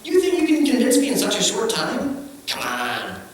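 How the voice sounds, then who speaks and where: Brief: man voicing a cornered king waving it off, lively pitch, far-off roomy sound. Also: normal speed, slight background noise, full character voice. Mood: dismissive. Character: hedging king under pressure, dismissive. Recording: echoey hall, distant mic.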